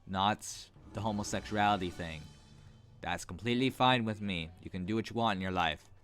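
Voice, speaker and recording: A man's voice: lowish voice, normal speed, fairly bright tone, no echo. Sarcastic guy rambling over a game, dry close mic, kinda blunt. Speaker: gaming video host. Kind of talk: casual game commentary while playing. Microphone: desk mic while gaming.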